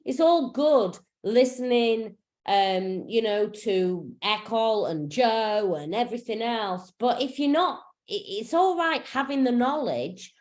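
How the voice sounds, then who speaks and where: A spiritual coach speaks over a video call in a high-ish voice with a darkish tone. She teaches casually and frankly, chatting with plenty of fillers and freely dropping swear words.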